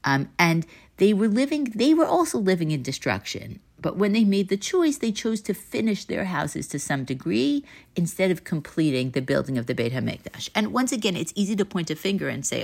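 Woman teaching a Bible text in a low voice. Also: very animated, vocal fry, a little mellow. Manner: explains patiently, reads Hebrew verses slowly and translates them. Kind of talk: text study lecture.

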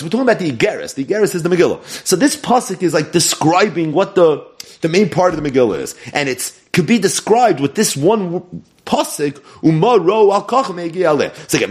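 Talmud teacher, male, somewhat high voice, very lively intonation. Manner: animated, mixes Hebrew and Yiddish terms into English. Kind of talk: Talmud lecture.

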